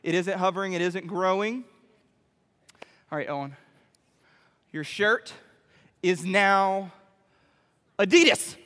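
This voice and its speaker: A man preaching a playful sermon to a youth group, animated and constantly checking in with the room. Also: high-pitched, takes it slowly, pauses often. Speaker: youth pastor. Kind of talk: playful sermon with audience demo. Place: church hall. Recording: echoey hall reverb.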